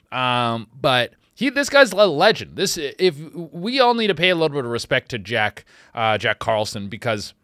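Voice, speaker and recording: Animated man rambling on his podcast. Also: mid-range voice, dry recording, clean studio sound. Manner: rambling, animated, swings between loud and muttered. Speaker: podcast host. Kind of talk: casual comedic podcast talk.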